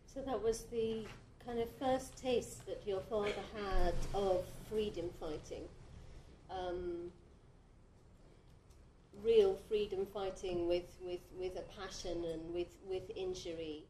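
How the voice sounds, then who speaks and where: A woman's voice: medium pitch, fairly even intonation, slow, dark tone, slight background noise. A woman interviewer asks her questions hesitantly, with fillers and restarts. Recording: echoey room.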